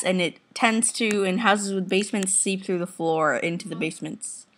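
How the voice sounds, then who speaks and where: A woman's voice: mid-range voice, moderate pace, fairly bright tone. A teenage girl chatting casually to her webcam while lying on a couch at home, rambling and giggling. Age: teens. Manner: rambling, giggly, talks to viewers and family off camera. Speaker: vlogger. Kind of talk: casual chatty video reply.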